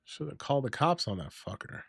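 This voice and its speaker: Brief: man in his 30s, streamer, crude and lively storyteller, dry close sound. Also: mid-range voice, fairly quick, creaky, slightly rough, dry recording. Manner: profane, animated storytelling with sudden loud bursts. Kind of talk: casual storytelling to chat.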